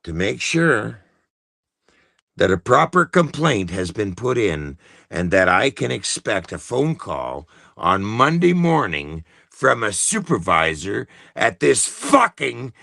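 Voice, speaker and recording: A man's voice: medium pitch, big pitch swings, takes it slowly, vocal fry, pushed and bright, no echo, studio quality. A Canadian man hosting a live broadcast, delivering a heated, profane rant. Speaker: livestream host. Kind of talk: angry ranting monologue.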